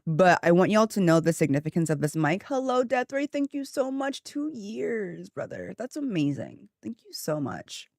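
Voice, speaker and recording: A woman streamer chatting casually from her home office into a studio mic, a little tired and mellow, often breaking into laughter. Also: medium pitch, very animated, normal speed, few pauses, no room sound. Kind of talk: casual chat on a gaming stream. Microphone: new studio microphone.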